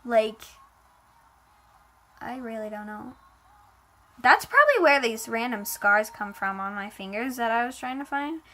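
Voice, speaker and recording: A woman's voice: a little high, expressive, measured pace, pauses often, fairly bright tone. A woman casually telling a personal story. She fills her talk with "like" and retells it in a dramatic, emotional way.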